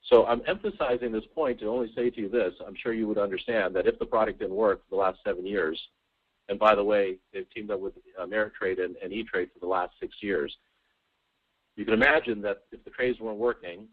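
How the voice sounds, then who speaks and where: A man giving an eager, emphatic sales pitch on a conference call, stumbling over repeated words as he talks. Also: husky. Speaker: sales presenter. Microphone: telephone on a conference call. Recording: tinny phone line.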